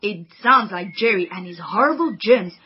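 A woman's voice: mid-range voice, expressive, moderate pace, breathy edge. A woman voicing a caring, upbeat young girl who talks straight to the listeners, in a children's radio drama, with a slightly dull lo-fi sound. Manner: bright, coaxing, talks to listeners.

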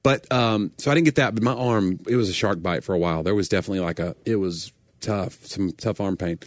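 A man's voice: deep voice, brisk, no room sound, clean studio sound. A man in his forties co-hosting a podcast, chatting casually, joking, and sometimes trailing off while he searches for words. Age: 40s. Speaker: podcast co-host.

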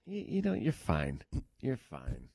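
Lively teasing radio co-host. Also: male voice, lowish voice, gravelly, husky, no echo. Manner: teasing, quick reactions, bursts of loud shouting. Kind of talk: casual morning radio banter.

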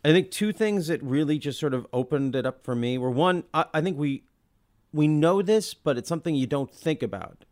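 A man's voice: on the high side, lively intonation, moderate pace, a little mellow. A man co-hosting a casual film podcast, talking thoughtfully and with enthusiasm, stretching words and restarting his sentences. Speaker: podcast co-host.

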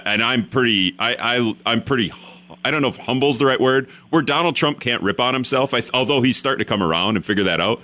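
A man's voice: medium pitch, sharp tone. A man hosting a radio talk show, rambling and self-deprecating with many restarts.

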